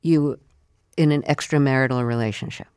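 An interviewer asking gentle, probing follow-up questions. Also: mid-range voice, fairly quick, clean tone, no echo, clean studio sound.

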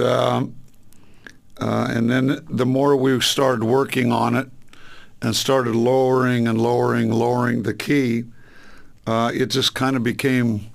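A man's voice: mid-range voice, vocal fry. An older man from Southern California, a singer, reminiscing in an interview in a rambling way full of fillers. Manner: rambling, many fillers and restarts. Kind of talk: relaxed reminiscing.

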